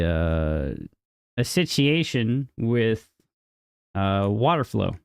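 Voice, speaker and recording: A man's voice: on the low side, darkish tone, clean tone, no echo, studio quality. A man live-streaming a city-building game, chatting casually and joking with viewers in chat while he plays. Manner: chatty, jokey, talks to chat viewers by name.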